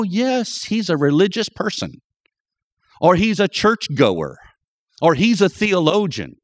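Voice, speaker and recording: A male pastor preaching a sermon, his fairly high voice swooping up and down as he drives each point home. He talks slowly and emphatically, repeating key phrases and asking the congregation for an amen. The sound is dry and close, with no room echo.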